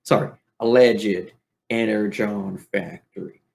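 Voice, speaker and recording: A man voicing a chatty male robot officer who hands out gear and a mission, talking in a halting way with many ums. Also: lowish voice, steady tone, vocal fry, a little mellow. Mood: rambling. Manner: rambling, halting, full of ums.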